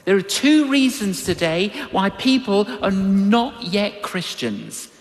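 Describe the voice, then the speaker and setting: A man's voice: high voice, slow. An older man preaching a sermon, telling a personal story and acting out the voices of people in it. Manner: animated storytelling, acts out voices in quotes. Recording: long reverb of a large hall.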